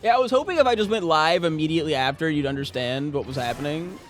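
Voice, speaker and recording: A man with a high voice chatting casually with his viewers while he plays a game. He jokes constantly, slipping into low mumbles and then breaking into high-pitched yelps and laughter. Faint music plays underneath. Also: fast talker. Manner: joking, swings from mumbling to high shouts, frequent laughter. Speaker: streamer. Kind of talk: casual livestream chat while gaming.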